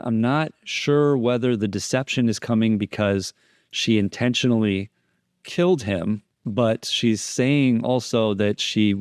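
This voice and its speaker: Man, instructor, methodical explainer, repeats phrases, low pitch, dry room. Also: a little mellow, no room sound. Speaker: deception analysis instructor. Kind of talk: explanatory lecture over interrogation footage.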